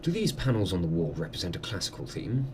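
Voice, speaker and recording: A man's voice: sits low, very animated, quick pace, background noise, voice pushed down. A man voicing a polite, reserved Victorian male doctor who asks formal questions.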